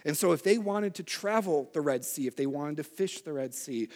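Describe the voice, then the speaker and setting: Animated young male preacher. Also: a little high, normal speed. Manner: conversational, animated with acted-out outbursts. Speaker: pastor. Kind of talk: sermon.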